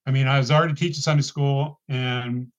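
A man sharing a personal testimony as a podcast guest, talking casually and earnestly with halting restarts. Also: mid-range voice, steady tone. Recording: dull lo-fi podcast audio.

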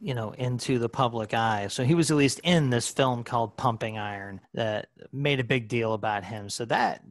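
A man's voice: mid-range voice, moderate pace, no room sound. A man co-hosting a podcast, chatting casually and enthusiastically with lots of restarts and fillers. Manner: rambling, enthusiastic, many restarts. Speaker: podcast co-host.

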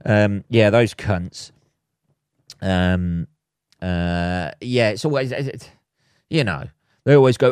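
A man hosting a solo comedy podcast, rambling and swearing with deadpan asides. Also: lowish voice, takes it slowly, pauses often, clear, resonant tone, no room sound, studio quality. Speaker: podcast host.

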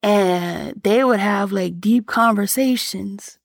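A woman's voice: a little high, slow, creaky, dry recording, studio quality. A middle-aged woman giving a heartfelt faith testimony, earnest and rambling, full of fillers. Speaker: speaker sharing faith testimony.

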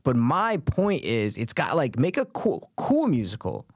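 Man, podcast co-host, lively pitch, dry close sound, casual joking chat. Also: measured pace, husky, no echo. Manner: animated, swearing, jokey banter.

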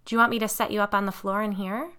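A woman voicing a gentle, worried mother. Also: medium pitch, level tone, very fast, smooth, lightly acted. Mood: concerned.

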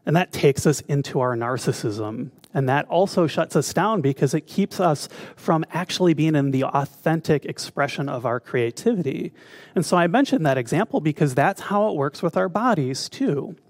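A man's voice: fairly high pitch, animated, moderate pace, no echo, clean studio sound. A man giving a conversational spiritual talk as a minister, often putting questions to his listeners. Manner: conversational, asks the audience questions.

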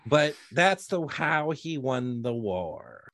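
A man's voice: mid-range voice, sing-song, slow pace, vocal fry, fairly bright tone, slight background noise. A man co-hosting a podcast, chatting casually about a movie in a rambling, sardonic way. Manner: rambling, self-interrupting, sardonic. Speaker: podcast co-host. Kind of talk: casual movie review chat.

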